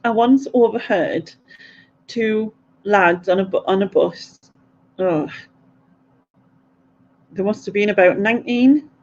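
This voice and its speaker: A chatty middle-aged woman rambles and giggles her way through a live question-and-answer stream. Her voice sits at a medium pitch, and the audio has a slightly dull, lo-fi stream quality. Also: slow, long pauses, darkish tone. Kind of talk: casual live Q&A chat.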